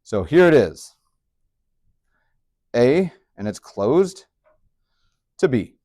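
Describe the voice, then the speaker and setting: This high school math teacher lectures in a classroom with a medium-pitched, mellow voice, speaking very slowly but with big swings in pitch. The recording is dry. He's chatty and upbeat, tossing joking asides to his students.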